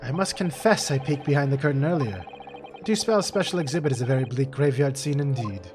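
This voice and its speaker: A man voicing a pompous, eccentric British gentleman detective in a video game, reading the dialogue with grand, old-fashioned formality. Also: mid-range voice, expressive, a little fast, lightly acted. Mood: grandiose. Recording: game music playing behind.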